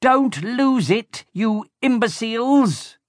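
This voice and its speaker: A man voicing a cruel, bossy villainous baron who gloats slowly and bellows insults at his henchmen. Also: fairly high pitch, big pitch swings, no room sound, clean studio sound, pitched above the performer's own voice. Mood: angry. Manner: slow, gloating, shouts insults.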